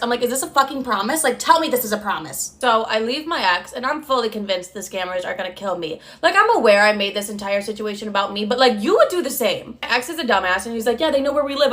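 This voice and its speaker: Young woman, storytime narrator, chatty, profane, acts out dialogue, slightly high voice. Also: lively intonation, a little fast, fairly bright tone.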